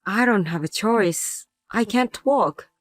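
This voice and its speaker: A woman playing a young wife who uses a wheelchair, speaking in a gentle, pleading way in a scripted drama. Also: mid-range voice, slow, natural voice. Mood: hurt. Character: young wife in a wheelchair, hurt but patient.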